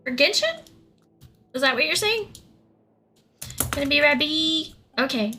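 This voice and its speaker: Young female streamer, casual and giggly; high, bright voice over quiet music. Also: animated, measured pace. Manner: giggly, chatty, thanks viewers. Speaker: livestreamer. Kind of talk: casual live-stream chat.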